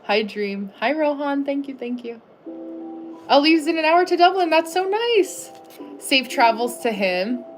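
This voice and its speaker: A middle-aged American woman hosting a casual livestream, chatting and reading viewers' names aloud in a friendly way, with soft music behind her. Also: high-pitched, lively intonation, a little slow. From United States. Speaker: livestream host.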